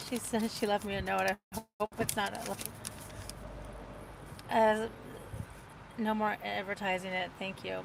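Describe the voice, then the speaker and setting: A woman's voice: medium pitch, level tone, unhurried, creaky, pauses often, background noise. A woman hosting a casual livestream, chatting in a rambling way and reading out viewer comments. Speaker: livestream host.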